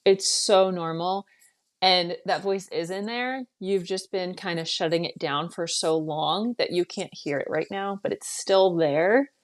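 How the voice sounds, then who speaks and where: A woman's voice: fairly low pitch, measured pace. A woman parent coach in a casual podcast conversation, talking in a reassuring, conversational way.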